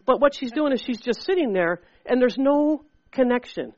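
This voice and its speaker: Female preacher, chatty and animated sermon, higher voice, dry muffled sound. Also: moderate pace, no room sound. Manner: animated and conversational, acts out voices.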